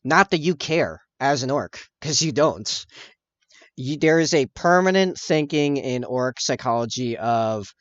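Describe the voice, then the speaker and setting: A man's voice: mid-range voice, expressive, measured pace, a bit bright, dry recording. A man streaming casually as he paints miniatures and chats with viewers, rambling, correcting himself and laughing often. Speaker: livestreamer. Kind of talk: casual chat while painting miniatures and answering chat. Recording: dull, dry lo-fi stream audio.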